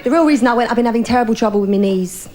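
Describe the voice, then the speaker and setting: A woman's voice: on the high side, very fast, noisy background. Bawdy woman doing stand-up. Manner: bawdy, confiding, addresses audience directly. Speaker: stand-up comedian. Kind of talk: live stand-up routine.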